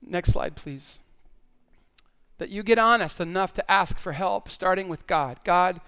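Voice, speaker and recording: A man's voice: high voice, animated, unhurried, pushed and bright, smooth. A male pastor preaching a sermon in an earnest way, often repeating words as he stresses a point.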